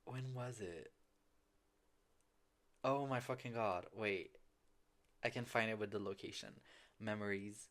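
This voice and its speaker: A man's voice: fairly low pitch, fairly even intonation, measured pace, long pauses, a bit bright. A man hosting a podcast, telling a story casually and profanely, often laughing at himself. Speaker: podcast host. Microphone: phone.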